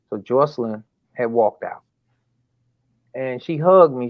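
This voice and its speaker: Gravelly man telling a story animatedly. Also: medium pitch, normal speed, dry recording, highs cut off. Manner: animated retelling that acts out dialogue, voice rising sharply in disbelief. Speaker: father telling his story. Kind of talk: emotional storytelling interview.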